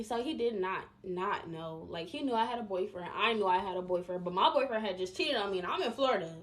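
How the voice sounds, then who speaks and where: Young woman, slightly high voice, casual and emphatic storytime vlogger. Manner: chatty and emphatic, addresses viewers directly.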